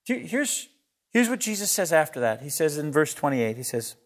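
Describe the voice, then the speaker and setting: High-voiced earnest male preacher. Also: very animated, moderate pace. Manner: earnest, repeats words as he builds each point; swings between loud emphasis and soft hushed lines. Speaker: pastor. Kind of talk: sermon.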